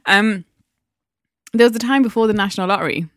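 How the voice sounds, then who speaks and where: A woman's voice: mid-range voice, brisk, no room sound, studio quality. A woman from Newcastle co-hosting a casual podcast, chatting and rambling through stories. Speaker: podcast co-host.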